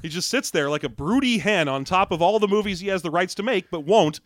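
A man hosting a loose, jokey chat and reading out listener questions. His voice sits a little high for a man, and the sound is dry and close to the mic. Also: expressive, fast talker, no echo. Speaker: podcast host. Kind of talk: casual chat.

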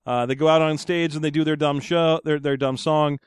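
A man co-hosting a podcast, talking casually and deadpan about a film, with a lot of rambling restarts. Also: fairly high pitch, brisk, clean tone, dry recording, studio quality. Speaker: podcast co-host. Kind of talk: casual chat.

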